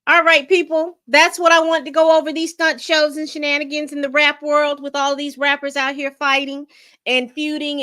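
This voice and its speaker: A woman's voice: sits high, bright, forceful tone, no room sound, clean studio sound. A middle-aged woman hosting a casual livestream, rambling and reading chat comments aloud. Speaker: livestream host.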